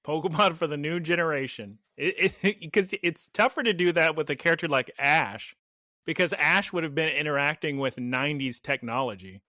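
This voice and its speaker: A man co-hosting a podcast, recapping an episode in animated, rambling casual chat and laughing often. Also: a little high, normal speed, no room sound, studio quality. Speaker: podcast co-host.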